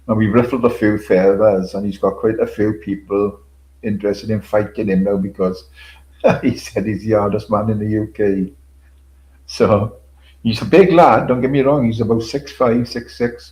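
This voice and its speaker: Low-voiced man rambling on stream. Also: darkish tone, roomy sound, rough recording. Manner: rambling, swears freely, halting with fillers. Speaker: livestream host. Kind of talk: casual stream chat.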